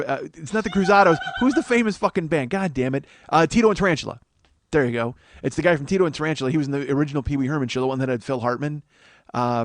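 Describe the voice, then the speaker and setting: A man's voice: a little high, no echo. Male podcast host, comic storyteller, rambling and profane, dry close sound. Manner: rambling, profane, self-mocking. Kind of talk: comedic monologue.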